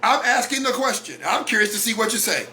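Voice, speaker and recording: Male host, high bright voice, blunt motivational monologue that keeps pressing the same questions. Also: expressive, fast, a little hiss or hum. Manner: blunt, preachy, repeats rhetorical questions. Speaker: host of a weekly talk broadcast.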